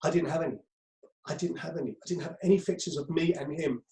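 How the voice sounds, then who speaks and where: A man's voice: a little high, fast talker, dark tone, reverberant, rough recording. A man giving a conversational lecture on crisis management to a group, often repeating himself with many ums.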